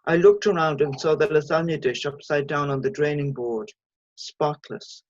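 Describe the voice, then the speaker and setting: Woman reading her short story out, steady pace, dull dry audio. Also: sits low, normal speed, dry recording.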